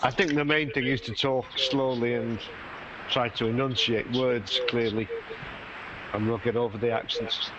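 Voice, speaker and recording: A man's voice: medium pitch, fairly even intonation, moderate pace, crowd noise. A man chatting wryly in a group video call. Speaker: hangout participant. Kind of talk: casual group video chat. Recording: muffled webcam call audio with noise.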